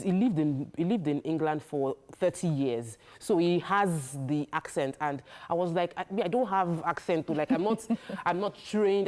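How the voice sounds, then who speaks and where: A woman's voice: lowish voice, warm tone. A woman, a talk show co-host, reminiscing earnestly in casual chat. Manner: earnest, reminiscing with small laughs.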